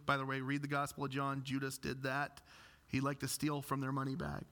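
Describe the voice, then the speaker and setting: Bright-voiced, animated male pastor preaching. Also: medium pitch, a little fast. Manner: animated storytelling with self-deprecating humor. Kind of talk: sermon.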